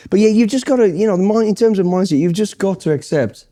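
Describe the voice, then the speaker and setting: A man's voice: high voice, dark tone. Blunt, swearing middle-aged British man. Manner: blunt, heavy swearing, rambling anecdotes. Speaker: guest, former special forces soldier. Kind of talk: casual storytelling interview.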